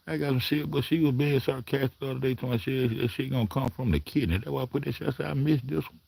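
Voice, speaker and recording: A man in his own vlog, reacting to clips in a coarse, rambling rant full of swearing. His voice is gravelly and husky, with a mellow, dark tone, recorded dry and close. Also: medium pitch, no room sound. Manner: rambling, coarse, talks back at the screen. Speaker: commentary vlogger. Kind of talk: profane reaction commentary.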